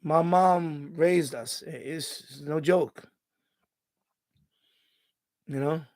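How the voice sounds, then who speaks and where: A man's voice: on the high side, drawn-out words, darkish tone, dry recording. A middle-aged man hosting a live stream from home, talking emotionally and getting choked up, rambling with many restarts. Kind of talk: casual live stream chat.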